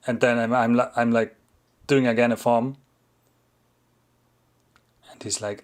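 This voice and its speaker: A non-native English speaker with a German accent hosts a relaxed livestream, answering viewers' questions at a measured pace in a medium-pitched voice. He leaves long pauses, chuckles often and rephrases himself in this casual chat.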